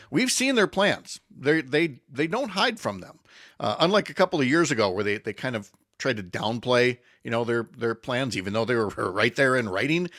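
A man's voice: medium pitch, fairly bright tone, no room sound. Chatty male radio host, dry studio sound. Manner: rambling, self-correcting, chatty. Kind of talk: casual morning radio talk. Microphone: studio microphone.

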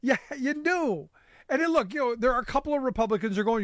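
A man's voice: very high voice, expressive, fast talker, no room sound, studio quality. A male radio talk show host chatting about politics, casual and full of fillers and restarts. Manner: conversational, many fillers and restarts. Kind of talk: reading a history segment.

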